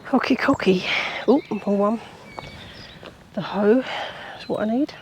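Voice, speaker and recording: Gardening vlogger, woman, chatty and casual, mid-pitched, camera mic with faint noise. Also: measured pace. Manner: chatty, talks to her dog, soft whispers at times. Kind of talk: casual vlog chat. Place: outdoor allotment and a quiet home.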